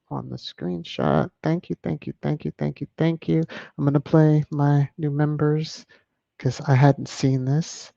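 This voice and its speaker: A woman's voice: sits low, gravelly, dark tone, no room sound. A woman hosting a live stream in casual chat, thanking viewers by name. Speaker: YouTube live stream host. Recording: dull lo-fi dry sound.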